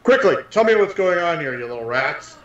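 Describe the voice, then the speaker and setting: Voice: mid-range voice, sing-song, brisk, fairly bright tone. A tabletop player voicing an intimidating adventurer who barks commands, heard through a roomy, dull recording. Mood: menacing. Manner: barking, commanding. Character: intimidating adventurer barking orders at kobolds. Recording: roomy, dull lo-fi sound with faint noise.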